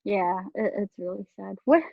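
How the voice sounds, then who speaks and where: A woman's voice: medium pitch, moderate pace, gravelly, no echo. A woman co-hosting a wrestling podcast in casual chat, talking with lots of fillers and frequent laughs. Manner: chatty, laughs often, many fillers. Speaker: podcast co-host. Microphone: video call. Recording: dull lo-fi remote call audio.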